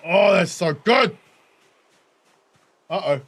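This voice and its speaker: A New Zealand game streamer talks at a slow pace in a mid-range voice during casual gameplay commentary. Lively and profane, the gamer laughs a lot and keeps up a chatty, joking stream of talk.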